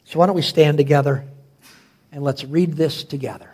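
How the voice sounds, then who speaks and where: A male pastor preaching a sermon in a church, moving from fervent questions to soft, slow prayer. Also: a little high, steady tone, breathy edge. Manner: impassioned preaching that drops to soft prayerful reading. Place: church sanctuary.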